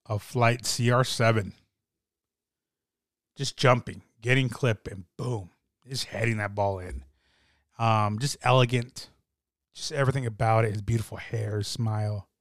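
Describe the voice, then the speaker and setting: A young man talking in a rambling, excitable way with many fillers and restarts, as in casual chat. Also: lowish voice, dry recording, studio quality. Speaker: soccer fan podcaster.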